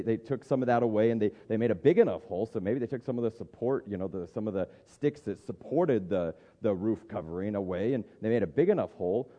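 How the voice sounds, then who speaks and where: A man's voice: lowish voice, in a large hall, highs cut off. A man in his thirties preaching a conversational sermon as a pastor, thinking aloud with frequent restarts.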